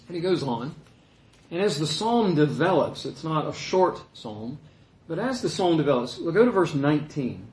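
A man preaching a sermon as a pastor, earnest and emphatic, pausing often with "uh". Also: fairly high pitch, sing-song, darkish tone. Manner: earnest, emphatic teaching with frequent "uh" pauses. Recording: echoey room.

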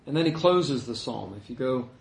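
A man preaching a sermon as a pastor, earnest and emphatic, pausing often with "uh". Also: mid-range voice, lively intonation, vocal fry. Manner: earnest, emphatic teaching with frequent "uh" pauses. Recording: echoey room.

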